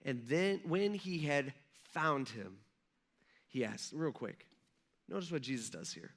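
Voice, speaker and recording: A man's voice: medium pitch, animated, measured pace, fairly bright tone. A male pastor preaching a casual, conversational sermon, retelling a scripture story in everyday talk. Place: church.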